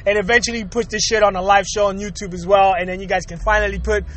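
A man's voice: sits high, little pitch movement, quick pace, a bit bright. A man hosting his own show, rambling through a profane comic rant and laughing between lines, often repeating and restarting words. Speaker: podcast host. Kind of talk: casual comedic rant.

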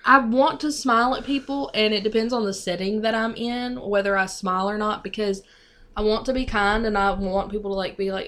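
A woman's voice: fairly high pitch, fairly quick, a bit bright. A young woman in casual chat, talking loosely with many fillers and casual swearing.

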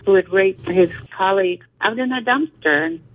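A woman's voice: medium pitch, moderate pace. A middle-aged woman talking candidly as a guest, in an earnest, emphatic way. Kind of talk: candid conversation. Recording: tinny phone line.

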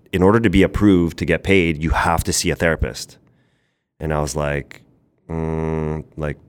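A man, a podcast guest, candidly telling a personal story in a rambling way, full of fillers. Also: sits low.

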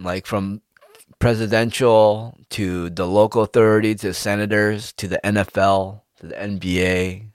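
In a casual monologue, a man with a fairly low voice rants animatedly, swearing freely and firing off rhetorical questions. The recording is clean studio sound without echo.

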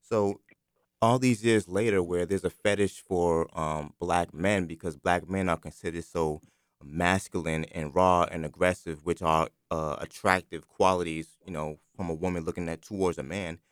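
A man speaking in a measured, explanatory way during a podcast discussion, often saying "you know". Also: deep voice, fairly even intonation, clear, resonant tone, dry recording, clean studio sound. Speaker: discussion participant.

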